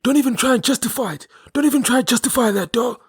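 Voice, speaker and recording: A big, flashy man at a taxi rank snaps back in a shrill, squeaky voice full of scorn, as a man puts him on. The tone is husky and a little breathy. The sound is dry and close, with no room around it. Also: fast, dry recording, full character voice. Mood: mocking scorn. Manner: high-pitched, scornful, repeating himself.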